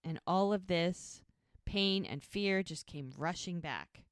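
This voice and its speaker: A woman co-hosting a podcast, retelling the scenes of a TV episode in a lively, chatty way. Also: fairly low pitch, slow, dry recording, clean studio sound. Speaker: podcast co-host. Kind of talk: casual episode recap chat.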